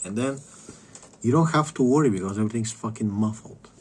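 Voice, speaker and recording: A man talks over his game stream in a loose, rambling rant full of swearing and scorn. His voice sits fairly low, and his sentences often sink into quiet mutters before he picks back up. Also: brisk, a little hiss or hum. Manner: profane, rambling, contemptuous. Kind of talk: casual rant while gaming.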